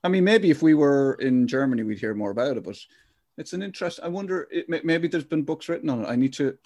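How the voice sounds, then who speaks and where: A man's voice: a little high, animated, fast, darkish tone. An Irish man hosting a podcast, rambling and wondering aloud in casual chat with jokes. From Ireland. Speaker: podcast host.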